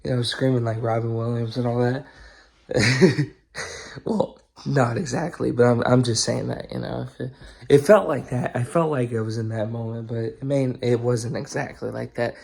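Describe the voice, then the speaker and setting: A man's voice: mid-range voice, fairly even intonation, moderate pace, creaky, darkish tone. A man telling a story casually to camera, swearing often and filling his talk with "you know" and "right?". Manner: profane, rambling, many fillers and tag questions. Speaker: vlogger.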